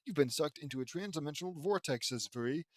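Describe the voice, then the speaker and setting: A man's voice: a little high, lively intonation, a little fast, a little mellow, no room sound. A man reading a fan-fiction audiobook aloud, stumbling over words and breaking in with sarcastic asides.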